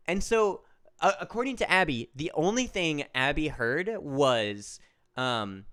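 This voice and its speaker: A man's voice: a little high, a little slow, no room sound, studio quality. A man co-hosting a podcast, telling a funny family story in a playful, casual way. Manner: animated, playful. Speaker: podcast co-host.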